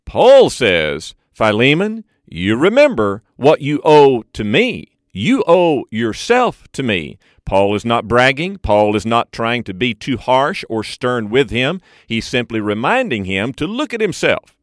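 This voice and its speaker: A male preacher gives a verse-by-verse sermon in a voice that swings widely between high and low. He slows to stress the key phrases. The sound is close and dry, with no room around it. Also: no room sound. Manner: expository preaching with lively swings in pitch and slowed emphasis on key phrases.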